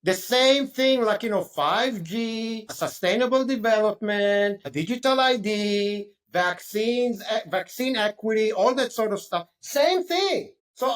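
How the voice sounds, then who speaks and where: A man speaking as a guest on a casual podcast, insistent, with lots of loose filler words. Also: high voice. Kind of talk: casual conversational podcast talk.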